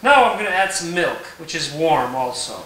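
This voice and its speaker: A man teaching a recipe in his kitchen, explaining each step in a relaxed way and checking in with "okay?". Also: on the high side, moderate pace, echoey room, recorded from a distance, background noise. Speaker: home baker teaching a recipe. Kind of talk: casual cooking tutorial. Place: home kitchen.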